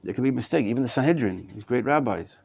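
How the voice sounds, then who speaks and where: A man's voice: medium pitch, animated, fast talker, darkish tone. A middle-aged man, a rabbi, teaching a live class to students in a study hall, often repeating words as he thinks aloud. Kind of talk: live Torah class lecture.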